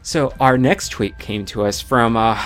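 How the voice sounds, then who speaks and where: A man's voice: medium pitch, a bit bright, faint music behind. A man hosting a gaming podcast, reading out listener tweets in casual chat with many fillers and restarts. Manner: halting, full of fillers and restarts. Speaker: podcast host.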